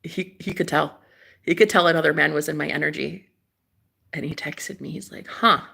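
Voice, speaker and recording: A woman chatting casually on a live stream, dramatic and gushing, swinging from loud exclamations to hushed asides. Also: low voice, steady tone, moderate pace, vocal fry, husky.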